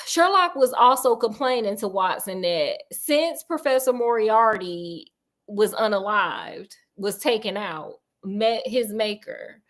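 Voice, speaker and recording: A woman's voice: medium pitch, animated, takes it slowly, a bit bright. A woman hosting a storytelling show, retelling a classic detective tale in a chatty, slangy, digressive way. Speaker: storytelling host.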